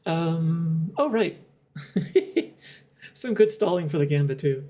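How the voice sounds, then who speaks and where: Giggly streamer with a mellow voice. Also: mid-range voice, slow. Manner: rambling, giggly, thinks aloud with many fillers. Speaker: game streamer. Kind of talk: casual live-stream chat while playing.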